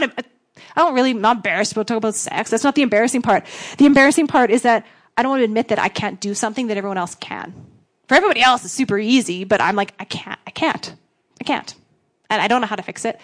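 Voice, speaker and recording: A woman youth pastor, giving a frank, self-deprecating personal testimony and acting out bits of dialogue. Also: on the high side. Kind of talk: candid personal testimony talk.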